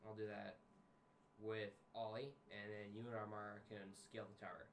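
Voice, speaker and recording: A man's voice: fairly low pitch, flat delivery, moderate pace, distant mic, slight background noise. A man chatting as a player in a tabletop game, laying out plans in short, direct sentences. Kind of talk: casual tabletop game chat.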